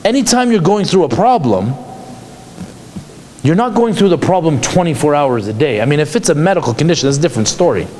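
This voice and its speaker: Animated male lecturer, lively pitch. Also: a little hiss or hum. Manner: animated, asks many rhetorical questions. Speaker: psychologist teaching a class. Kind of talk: conversational lecture.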